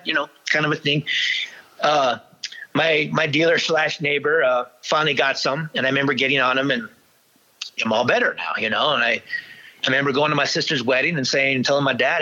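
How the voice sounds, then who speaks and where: This interview guest recounts personal history frankly, stumbling through restarts and fillers. He has a forceful, bright voice in the middle of the male range, and the recording sounds dull and low-fidelity.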